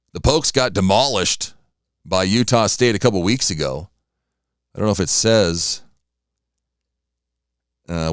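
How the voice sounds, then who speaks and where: Hosting a solo radio talk show, a lowish-voiced man rambles easily from topic to topic in a loose, chatty way, eating as he talks. The recording is close and dry, with no room around it.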